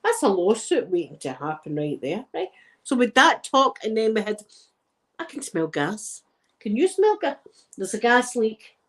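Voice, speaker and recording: With a medium-pitched, very animated, fairly bright voice at a moderate pace, the Scottish channel host from Glasgow rambles through casual stories. She's middle-aged and laughs often.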